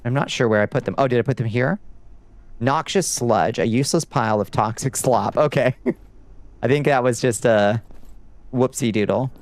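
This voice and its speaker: A man streams a game from his room, talking loosely to his chat with fillers and the odd curse. His voice is smooth and resonant, sitting at an ordinary middle pitch, picked up by a desk microphone. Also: normal speed. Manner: loose and profane, rambling with fillers. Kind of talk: casual gameplay chat with viewers.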